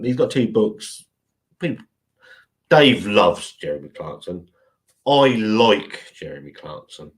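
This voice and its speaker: Host in his forties, low-pitched, chatty live stream rambler. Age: 40s. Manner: rambling, chatty, swears freely. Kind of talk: casual live stream chat.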